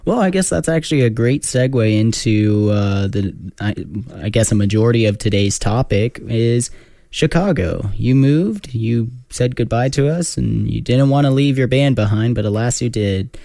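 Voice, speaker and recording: Relaxed jokey guy hosting a chat, warm mellow voice, dry sound. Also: medium pitch, moderate pace, gravelly, dry recording. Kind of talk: casual chat.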